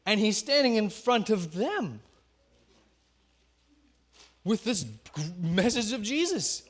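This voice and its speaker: A pastor retelling a story from the pulpit in an animated sermon, acting out each character. His voice sits fairly high for a man and swings widely in pitch. He builds scenes with energy and rhythm. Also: slow pace.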